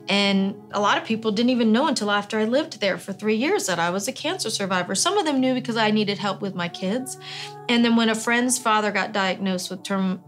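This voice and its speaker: A middle-aged woman, talking casually in an interview, rambling with many restarts. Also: medium pitch.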